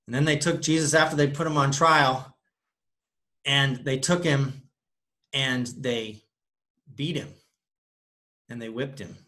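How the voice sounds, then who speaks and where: A man leading a youth club, retelling a story to children in a casual, animated way. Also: medium pitch. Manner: casual, animated storytelling with big swings in loudness.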